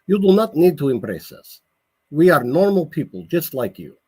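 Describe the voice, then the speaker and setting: A man's voice: a little high, sing-song, moderate pace, mellow, slightly rough, voice pushed up. A man doing a formal woman professor. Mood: reassuring.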